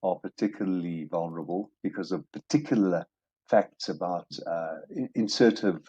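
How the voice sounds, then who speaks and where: Earnest older man, husky and deep. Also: warm tone, highs cut off. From South Africa. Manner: earnest, measured, emphatic. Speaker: guest, judge. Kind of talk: reflective interview talk.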